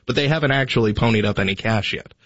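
Husky male radio producer. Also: lowish voice, fast talker, dry recording. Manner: steady, explanatory, reads listener messages. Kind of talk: casual radio talk. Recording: dry, slightly dull broadcast audio.

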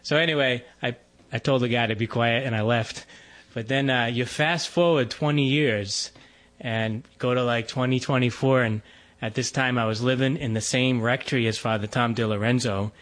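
A man, a Catholic priest telling a relaxed personal story with frequent fillers and laughs. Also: mid-range voice, normal speed. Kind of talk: conversational testimony.

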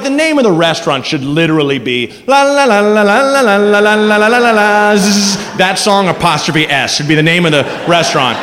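A man performing a stand-up comedy set on a club stage, animated and crude, acting out voices. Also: on the high side. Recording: reverberant noisy club recording.

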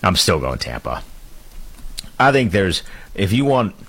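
Man, sports radio co-host, very low voice, husky, relaxed, wry. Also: a little slow. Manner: relaxed, wry, laughs easily. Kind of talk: casual sports talk radio.

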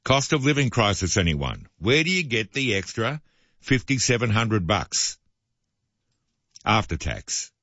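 A man's voice: lowish voice, very animated, measured pace, a bit bright, no echo, lo-fi sound. A man hosting talk radio, reading news items and adding sardonic, opinionated asides. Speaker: radio host.

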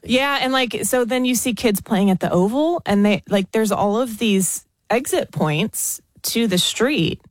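An American woman from the States, a guest talking in a chatty, expressive way on a podcast. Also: a little high, a little slow, hardly any pauses, dry recording. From United States. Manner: chatty and expressive, laughs often. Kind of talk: casual podcast chat.

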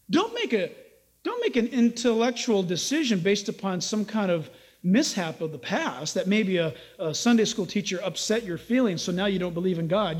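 A male pastor delivers a radio sermon in a high, lively voice with a slightly husky grain. He exhorts his listeners and challenges them with rhetorical questions, with faint music beneath him. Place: Southern California church.

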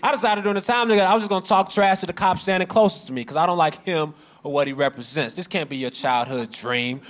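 A man telling a long stand-up story, mostly deadpan, with sudden loud outbursts. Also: sits high, fast, hardly any pauses. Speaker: stand-up comedian.

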